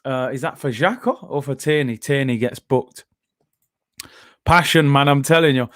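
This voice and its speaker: A man reacting live to a football match as the host of a watchalong, excitable and slangy, breaking into shouts. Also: medium pitch, moderate pace, no room sound, studio quality.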